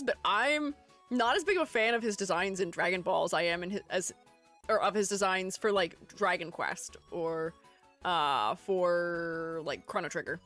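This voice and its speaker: A woman's voice: medium pitch, fairly bright tone. A woman streamer chatting casually while critiquing art, rambling and giggling at herself. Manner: rambling, giggly, self-deprecating. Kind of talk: casual live-stream chat.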